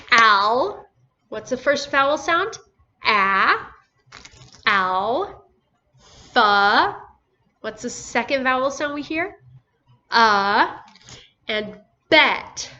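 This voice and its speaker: A woman's voice: fairly high pitch, sharp tone. A woman teaching a recorded phonics lesson to young children, sounding out each word syllable by syllable. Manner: slow, sounds out words syllable by syllable. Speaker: first grade teacher. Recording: dull lo-fi recording with faint noise.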